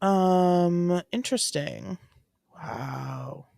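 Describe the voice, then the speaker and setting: A woman's voice: on the low side, very slow, vocal fry, dark tone, dry recording, studio quality, soft background music. A woman hosting a true-crime livestream, giving casual, rambling commentary full of "like" as she reacts to a clip. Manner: chatty and rambling, heavy use of "like". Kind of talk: casual live commentary while watching a clip.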